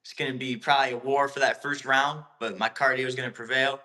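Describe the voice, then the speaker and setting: A man's voice: mid-range voice, level tone, fast, sharp tone. A young man, a kickboxer guest, answering interview questions briefly and confidently. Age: young adult.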